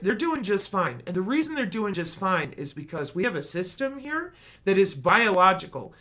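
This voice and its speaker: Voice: medium pitch, big pitch swings, moderate pace, bright, forceful tone. A commentator giving a heated, mocking monologue. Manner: sarcastic, mocking.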